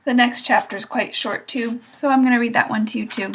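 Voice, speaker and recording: A woman reading a children's book aloud in a lively, expressive way. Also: fairly high pitch, a little fast, poor audio. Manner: expressive, lively voices for characters. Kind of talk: storybook read-aloud.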